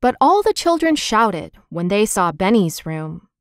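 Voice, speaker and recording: A woman narrating a children's chapter book in a clear, gentle, expressive reading. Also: mid-range voice, unhurried, no echo, studio quality. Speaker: audiobook narrator. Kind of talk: scripted storybook narration.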